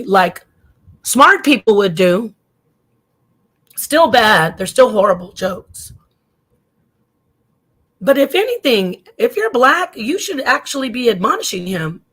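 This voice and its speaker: Woman commentary host, indignant and lively, with a mid-range voice. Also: medium pitch. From Arizona, US. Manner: animated, indignant, drops into mocking voices. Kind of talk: opinionated commentary.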